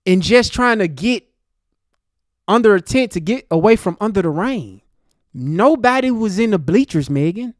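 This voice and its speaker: A man's voice: high voice, animated, normal speed, no echo. Angry ranting male commentator, dry close sound. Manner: angry, ranting, addresses the speaker directly. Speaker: commentary host. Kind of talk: heated commentary monologue.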